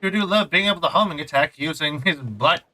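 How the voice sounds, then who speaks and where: A man's voice: on the high side, a little fast, sharp tone, low-quality recording. A man streaming a video game and chatting casually to viewers, rambling and poking fun at himself. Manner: chatty, self-mocking, rambling asides. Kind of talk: casual gameplay commentary. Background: faint game music.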